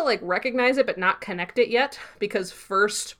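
A woman co-hosting a podcast, casually retelling a TV episode in a lively, chatty way with plenty of fillers. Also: mid-range voice, normal speed. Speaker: podcast co-host. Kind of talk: casual episode recap chat.

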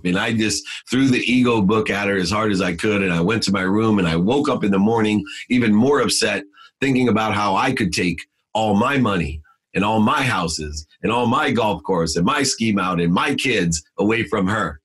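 A middle-aged man with a very low, husky voice speaks as a podcast guest. He tells his story with emphatic, preachy force and slips into motivational slogans. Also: expressive, a little fast, fairly bright tone. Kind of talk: personal story and advice in a podcast interview.

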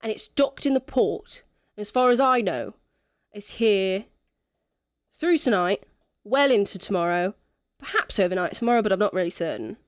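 A woman voicing a drunk, laid-back man who schemes in a tavern, in a put-on accent with a slow, teasing drawl. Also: mid-range voice, animated, no echo, studio quality, natural voice. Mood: scheming. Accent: put-on accent, not her own.

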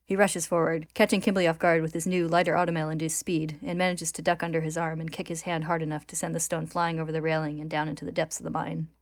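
Low, flat-voiced woman reading a recap. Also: fast talker, few pauses, no echo, clean studio sound. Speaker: podcast co-host reading a story recap. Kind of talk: reading a recap aloud, then casual chat.

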